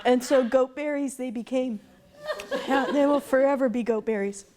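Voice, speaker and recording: Over crowd noise, a middle-aged woman with a high-sitting voice speaks at a moderate pace. She raises goats and is addressing a live conference audience in a chatty way, laughing as she tells stories and making faith asides.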